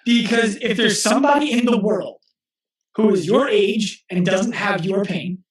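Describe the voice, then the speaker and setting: A man in his thirties, a physical therapist and coach, appears as a guest in a conversational interview. His fairly high voice has a roomy echo, and he tells stories earnestly, often restarting his sentences quickly.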